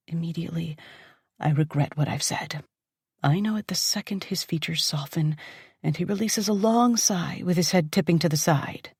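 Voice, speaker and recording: Breathy woman narrating dark romance. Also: lowish voice, moderate pace, no room sound, clean studio sound. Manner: intense and dramatic, dropping to whispers. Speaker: audiobook narrator.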